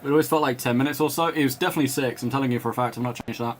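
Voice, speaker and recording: A man doing live play-by-play commentary, calling player names in quick bursts, chatting and laughing with viewers, and rising to shouts when a goal goes in. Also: medium pitch, a little hiss or hum. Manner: chats and laughs with viewers between calls. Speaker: match commentator.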